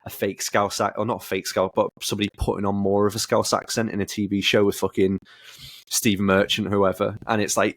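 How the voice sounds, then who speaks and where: Guy on a gaming podcast, low gravelly voice, dry close sound, swears a lot. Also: brisk, no room sound. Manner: blunt, swears a lot, animated rants. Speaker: podcast host. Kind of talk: casual gaming podcast chat.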